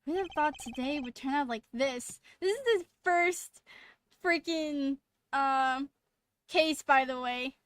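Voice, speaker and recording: A young woman streamer chatting casually and excitably while playing, rambling and often laughing. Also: high-pitched, takes it slowly, no echo. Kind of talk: casual let's-play chat.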